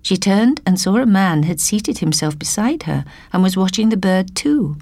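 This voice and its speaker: A woman reading a story aloud in a soft, hushed storytelling manner, often slipping into a whisper. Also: medium pitch, lively intonation, moderate pace, dry recording. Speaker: narrator.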